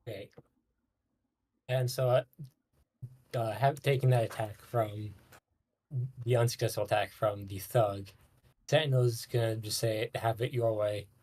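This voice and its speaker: A man playing a tabletop game, speaking slowly in a measured, flat way. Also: fairly low pitch. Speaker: player.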